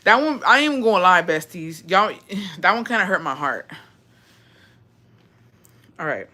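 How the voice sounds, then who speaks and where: Texas girl in her 20s reacting to viewer stories, bright voice, talks emotional and swears a lot. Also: fairly low pitch, very animated, normal speed. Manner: emotional, chatty, swears freely, calls viewers besties. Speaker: host reading viewer stories. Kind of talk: casual chat.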